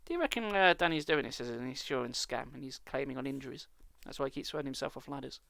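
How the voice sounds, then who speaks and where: A man's voice: medium pitch, fast talker, vocal fry, fairly bright tone, no echo. A British man reading a children's book aloud live, with dry, sarcastic asides. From Britain.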